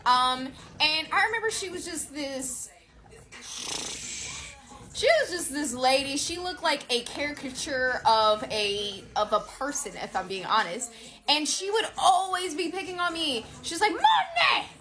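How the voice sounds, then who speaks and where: High, bright-voiced woman telling a story. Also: unhurried. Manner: animated, blunt, profane. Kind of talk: casual storytime monologue.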